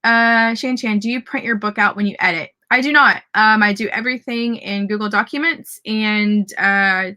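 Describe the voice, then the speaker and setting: A woman's voice: mid-range voice, pushed and bright. A woman with a Southern US accent hosting a casual live stream, reading out viewer comments and cheering them on. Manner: bubbly and upbeat, cheering viewers on.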